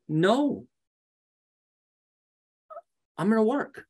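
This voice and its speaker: A man coaching a live group of real estate agents in a lively, joking way, often acting out conversations. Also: fairly high pitch, measured pace. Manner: animated, jokey, acts out conversations.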